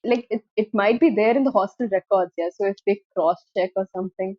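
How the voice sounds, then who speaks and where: Young woman, lively storyteller. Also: medium pitch, brisk, no room sound, lo-fi sound. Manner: animated storyteller, lots of "like" and "okay". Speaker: podcast co-host. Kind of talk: casual chat.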